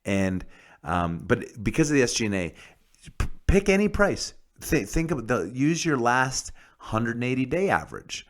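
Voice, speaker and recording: A man's voice: medium pitch, big pitch swings, moderate pace. A man hosting a casual podcast about the oil industry, talking bluntly and profanely with lots of fillers and restarts.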